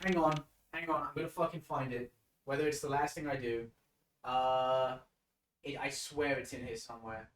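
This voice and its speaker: A man's voice: medium pitch, steady tone, normal speed. Casual swearing man streaming a game. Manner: swears freely, rambling and jokey. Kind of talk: casual gameplay commentary.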